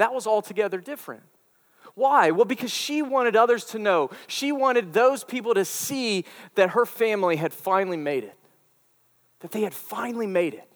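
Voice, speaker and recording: Guy preaching, chatty story sermon, keeps saying right?, high voice, long hall echo. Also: a bit bright. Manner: chatty, frequent "right?" asides and repeated words. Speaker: campus ministry preacher.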